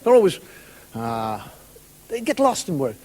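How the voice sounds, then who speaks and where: Wry male comedian, lively high voice. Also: unhurried. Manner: wry, conversational storytelling. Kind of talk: stand-up monologue. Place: television studio with live audience. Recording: 1990 TV broadcast, audience laughter.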